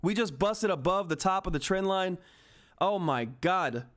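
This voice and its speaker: A young man commentating live on a stock chart, excited and frantic, often repeating himself. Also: high voice, a little slow. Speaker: stock market streamer.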